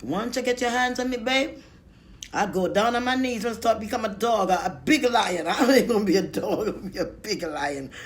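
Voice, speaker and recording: Woman streamer, mid-pitch voice, loose and playful chat to her viewers. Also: fairly quick. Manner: chatty and playful, greeting viewers by name, laughing often. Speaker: live streamer. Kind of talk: casual live-stream chat while eating.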